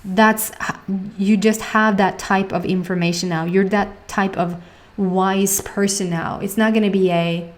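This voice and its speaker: A woman's voice: medium pitch, fairly even intonation, unhurried. A woman with a Swedish accent giving a casual tarot reading, chatty, laughing often and searching for words. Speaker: tarot reader.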